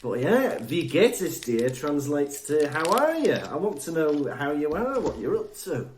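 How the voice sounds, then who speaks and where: A man's voice: on the high side, sing-song, a little slow, slight background noise. A Welsh man co-hosting a podcast, chatting and teasing in a casual way. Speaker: podcast co-host. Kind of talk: casual comedic chat. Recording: roomy echo.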